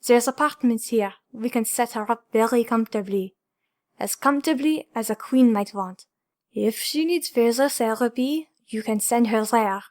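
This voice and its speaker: A grave, insistent armored hero leader, read by a woman narrator in an audiobook. He apologizes but keeps pressing, earnest and steady, in a voice sitting a little high. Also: normal speed, lightly acted. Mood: earnest pleading.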